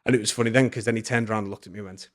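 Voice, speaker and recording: A man's voice: lowish voice, fairly even intonation, racing. A man, a podcast guest telling stories casually, with many fillers and restarts. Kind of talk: casual storytelling.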